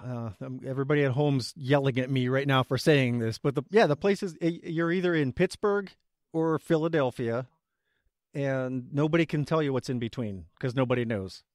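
A man's voice: mid-range voice, normal speed, a little mellow, no echo. A man with a Western Pennsylvania accent hosting a podcast, dry and wry. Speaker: podcast host. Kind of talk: casual podcast chat.

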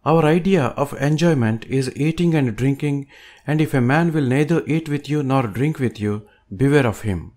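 A man reading an audiobook aloud with a measured, emphatic delivery. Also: medium pitch, darkish tone. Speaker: audiobook reader.

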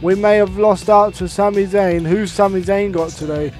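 A man commenting on his own wrestling game play, swearing and reacting loudly to every move. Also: high voice, fairly even intonation, moderate pace, faint music behind. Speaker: gamer playing a wrestling game. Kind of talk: excited let's-play commentary.

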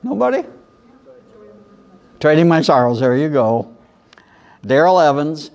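A male pastor preaching a sermon with lively emphasis, reciting and chanting scripture lines. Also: fairly high pitch, measured pace, long pauses.

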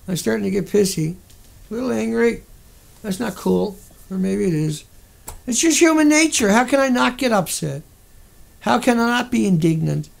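A man's voice: very high-pitched, creaky. A man hosting a livestream, ranting in an indignant, profane, rambling way. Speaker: livestream host. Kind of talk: angry livestream rant.

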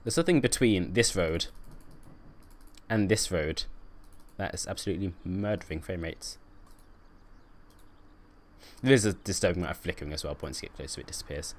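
A man's voice: low-pitched, moderate pace, long pauses. A young man chatting on a live stream while playing a game, reading and answering his chat and laughing often.

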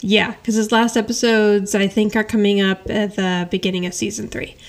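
Recapping a sitcom episode on a podcast she co-hosts, a woman speaks at a moderate pace in a mid-range voice. She keeps it casual and animated, laughing a lot and paraphrasing the characters' lines.

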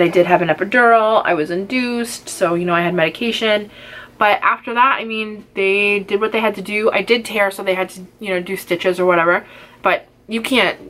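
A woman's voice: medium pitch, a bit bright, a little hiss or hum. A young woman, casually telling a personal story to camera with lots of fillers and acted-out quotes. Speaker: vlogger. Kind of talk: chatty get-ready-with-me storytelling.

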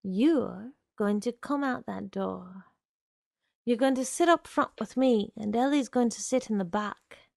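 A menacing young man who coaxes and insists, slow and gravelly, read by a woman. The voice stays dry and close, with no room around it. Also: on the high side, a little mellow, dry recording. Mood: menacing, coaxing. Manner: coaxing, insistent.

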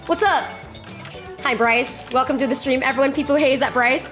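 A woman streamer adopting a playful Filipino accent, her voice high and bright. She talks fast and swears freely, hyped up as she welcomes viewers, over quiet game music. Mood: excited. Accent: put-on Filipino accent. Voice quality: profane and excitable. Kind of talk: casual live-stream chat.

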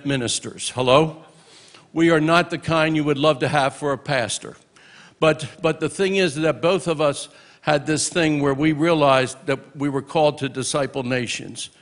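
A man's voice: on the high side, steady tone, moderate pace. A man in his sixties, a minister, telling stories at a memorial service in a church and calling out praise between them. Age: 60s. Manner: storytelling, punctuated with exclamations of praise. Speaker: minister giving a eulogy. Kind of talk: memorial tribute speech with humorous anecdotes.

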